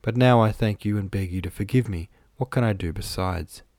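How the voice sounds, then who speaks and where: A man's voice: lowish voice, a little fast, a little mellow, dry recording, studio quality, close to an everyday voice. A man voicing a petulant, pleading young woman, in an earnest, coaxing storybook reading. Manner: earnest and coaxing, then tearful.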